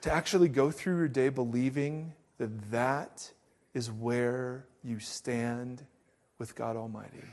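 A middle-aged man preaching a sermon as pastor, telling stories with acted-out quotes in an animated way. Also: medium pitch, slow pace.

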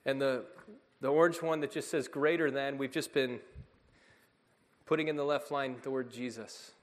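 A man of middle pitch delivers a sermon as a pastor, earnest and emphatic. His voice rings out through a church sanctuary, with a long reverb trailing every phrase. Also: steady tone, moderate pace.

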